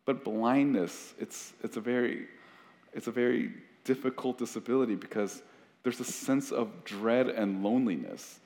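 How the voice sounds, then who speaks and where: A man's voice: medium pitch, moderate pace, darkish tone. A man preaching a sermon as pastor, earnest and conversational, often restarting his sentences. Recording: long hall reverb.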